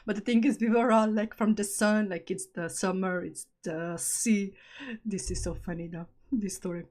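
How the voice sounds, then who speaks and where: A woman's voice: medium pitch, steady tone, normal speed, darkish tone. Chatty young woman streamer. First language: not English. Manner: chatty, storytelling with laughs. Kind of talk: casual live-stream chat.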